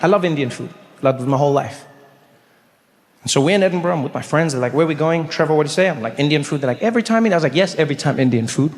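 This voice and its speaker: A middle-aged South African man performs rapid-fire stand-up storytelling on a large theater stage, animatedly acting out characters with big pitch jumps. It's recorded in a live hall with long reverb and faint ambience.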